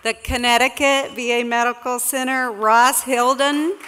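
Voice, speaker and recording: Woman presenter on stage, unhurried, crisp bright tone, long hall echo. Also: on the high side, steady tone, a little hiss or hum. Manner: calls out names and sites, some slips and restarts. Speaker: awards presenter. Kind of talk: slow announcing of names at a conference. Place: large conference hall with an audience. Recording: distant echoey hall, crowd murmur.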